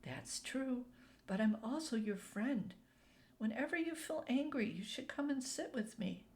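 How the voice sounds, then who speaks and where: A hairy red creature who is a child's own anger speaks in a low, hushed murmur, put on by a woman reading aloud. It is gentle and patient, never loud. The storybook delivery is unhurried. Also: animated. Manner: hushed, low, soft-spoken.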